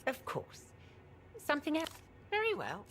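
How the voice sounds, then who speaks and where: A woman voicing a tiny worm girl creature who lives in a jar, speaking in soft, youthful, polite short replies in video game dialogue. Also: high-pitched, huge pitch swings, normal speed, slight background noise, exaggerated voice.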